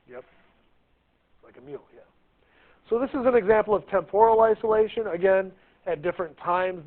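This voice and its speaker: A man lecturing a classroom, his voice a bit higher than most, chatty and fond of little jokes and questions to the students. The recording is thin and tinny, like a phone line. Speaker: high school biology teacher.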